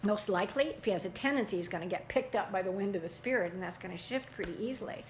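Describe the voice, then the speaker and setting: A middle-aged woman teaching a group of parents in a lively, animated way, often acting out what parents say and laughing. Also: medium pitch, rapid-fire. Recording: echoey room, faint background noise.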